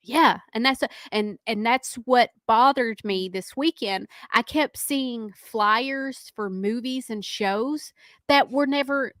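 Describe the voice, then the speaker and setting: A woman's voice: a little high, slow, fairly bright tone, no room sound, studio quality. A woman co-hosting a morning radio show, chatting casually and telling rambling stories in an easygoing way.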